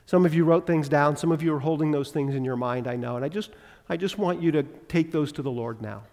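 A male pastor delivers a sermon in a church, his voice sitting a little high for a man. He swings between loud, emphatic preaching and hushed, intimate appeals. A long hall reverb trails each phrase. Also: fast. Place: church sanctuary.

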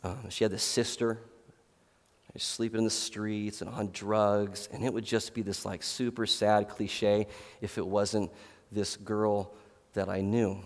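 A man's voice: on the low side, flat delivery, a little slow, long reverb tail. A middle-aged man preaching a sermon as a pastor, telling stories in a loose, rambling way full of fillers. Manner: casual, rambling storytelling with many fillers.

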